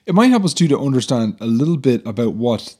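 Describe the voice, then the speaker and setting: A man in a conversational Bible discussion, explaining scripture step by step in an earnest, teacherly manner. His voice sits at a middling pitch, and he pauses often with fillers as he works through each point. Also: very animated, darkish tone, breathy edge.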